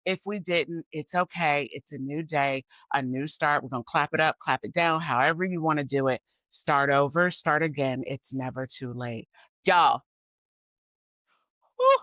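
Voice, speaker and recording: A woman hosting a podcast who gushes warmly and calls out to her listeners as "y'all" and "squad", sounding excited and emotional. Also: deep voice, measured pace, dry recording. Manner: effusive and gushing, talks straight to listeners as "y'all" and "squad". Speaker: podcast host and coach. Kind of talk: upbeat podcast chat.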